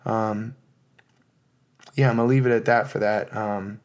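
A man's voice: lowish voice, steady tone, unhurried. An American man in his thirties, hosting his own podcast alone in a loose, heartfelt monologue with many fillers. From United States. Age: 30s. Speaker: podcast host. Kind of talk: casual solo podcast monologue.

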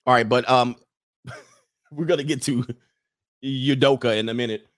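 A man's voice: medium pitch, fairly even intonation, a little slow, a bit bright, faint music behind. A man hosting a livestream in casual chat, rambling and laughing often as he reads out viewer messages.

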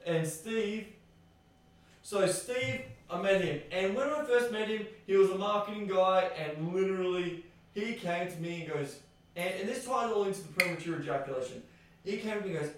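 A man's voice: high-pitched, moderate pace. A man hosting a podcast, telling a story casually and animatedly, acting out dialogue and swearing freely. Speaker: podcast host. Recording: very echoey room, distant mic.

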